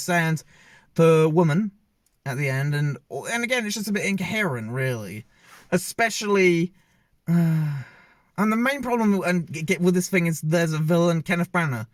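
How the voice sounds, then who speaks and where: A man's voice: fairly high pitch, no room sound. A man giving a casual, rambling movie review with many fillers and restarts. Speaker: film reviewer.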